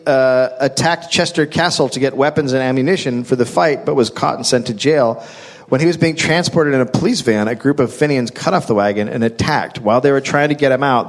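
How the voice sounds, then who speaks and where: A man's voice: mid-range voice, a little fast. A man hosting a live comedy podcast, reading out a history story from notes with dry, wry asides. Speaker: host and storyteller. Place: live stage before an audience.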